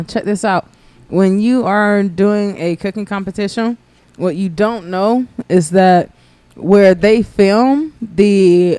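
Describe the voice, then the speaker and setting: Brash, animated woman in a dry room. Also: lowish voice, no echo. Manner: animated, profane storytelling. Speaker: podcast guest, chef. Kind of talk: casual chat.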